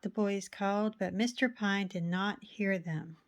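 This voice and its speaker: A woman's voice: medium pitch, a little slow. A woman reading a children's picture book aloud, rhythmic and playful with sound words. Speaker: storybook reader.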